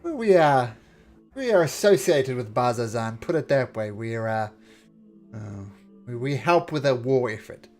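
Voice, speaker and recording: Man playing a gruff interrogator, demanding, lively pitch, faint music behind. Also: normal speed, close to an everyday voice. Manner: demanding, brusque. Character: gruff threatening male interrogator.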